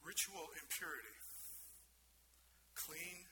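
Ernster Prediger, verrauscht. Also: male voice, fairly high pitch, slow pace. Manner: earnest, questioning the audience. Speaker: preacher. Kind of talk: sermon. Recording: noticeable background noise.

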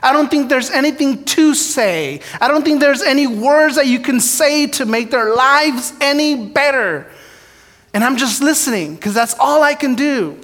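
A very high, somewhat bright voice, expressive and unhurried, belongs to a preacher giving testimony in a church sanctuary. The recording has the long echo of a large hall. He tells his story frankly and self-deprecatingly, acting out both prayers and conversation.

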